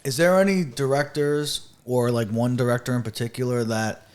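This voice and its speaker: A young man hosting a podcast, talking in a casual, slangy, animated way and acting out lines he quotes. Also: mid-range voice, normal speed. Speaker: podcast host.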